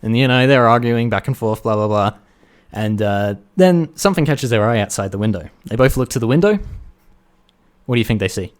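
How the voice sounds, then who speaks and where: A man co-hosting a podcast, telling jokes in casual chat, animated and swearing. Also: mid-range voice, brisk, clear, resonant tone. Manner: animated storyteller, swearing, laughs at his own jokes. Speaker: podcast co-host.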